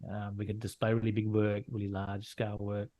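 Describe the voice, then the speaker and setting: A man's voice: lowish voice, monotone, a little fast, mellow. A middle-aged Australian man from Western Australia, a landscape photographer talking frankly in a casual interview, often repeating and restarting his phrases. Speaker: landscape photographer and gallery owner.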